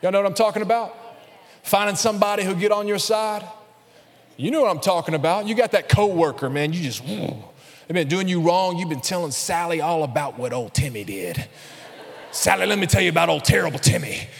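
A male pastor delivering a sermon in a big church hall, his voice ringing out with a long reverb tail. He speaks in a fairly high register and keeps calling out to the congregation. His delivery builds into loud, emphatic peaks. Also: a little fast. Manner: preaching with rising intensity, calling out to the congregation.

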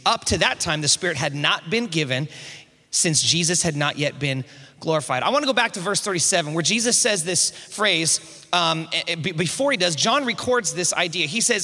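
A man preaching a sermon to a congregation, energetic, with call-and-response prompts and frequent restarts. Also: high-pitched, brisk. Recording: reverberant hall sound.

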